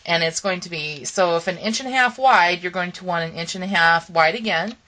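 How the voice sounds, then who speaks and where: A woman's voice: fairly low pitch, brisk, sharp tone, rough recording. A woman hosting a casual papercraft tutorial, talking through each step with ums and okays while she is losing her voice. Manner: chatty step-by-step instructions with frequent ums and okays. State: losing her voice, clearing her throat. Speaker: crafting channel host.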